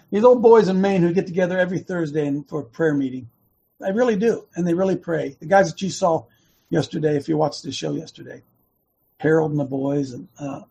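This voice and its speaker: A man hosting an online show, talking fast and emphatically, repeating words in bursts. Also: sits high, dark tone, husky. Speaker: host of an online activist show. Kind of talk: fast casual preaching talk.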